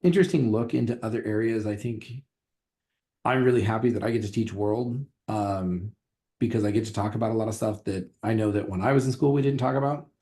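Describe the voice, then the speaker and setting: Low, mellow-voiced male teacher chatting. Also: brisk. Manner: rambling, restarts with many fillers. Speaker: teacher and podcast co-host. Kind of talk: casual podcast chat.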